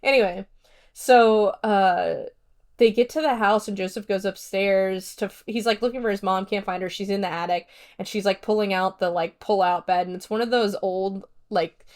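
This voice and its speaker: A woman's voice: mid-range voice, normal speed, a little mellow. A woman hosting a casual solo podcast, chatting through a horror film review in a rambling way with lots of fillers. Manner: retells scenes by acting out quotes.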